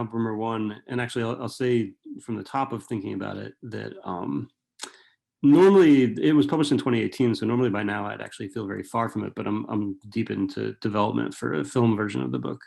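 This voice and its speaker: A middle-aged man giving an author talk at a library, speaking quickly and digressively with many restarts and fillers. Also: medium pitch, gravelly. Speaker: author and writing professor.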